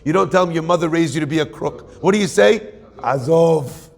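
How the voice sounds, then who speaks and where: A man's voice: on the high side, fast, creaky. A man, a rabbi, telling a story in a Torah class, acting out the dialogue of each character.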